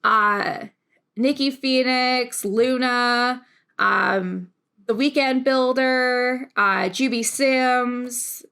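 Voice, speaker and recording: Young woman vlogger, casual, emotional rambler, gravelly low fry at phrase ends. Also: drawn-out words, a bit bright. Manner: rambling, emotional, many restarts. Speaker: YouTube creator. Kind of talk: casual talk to camera.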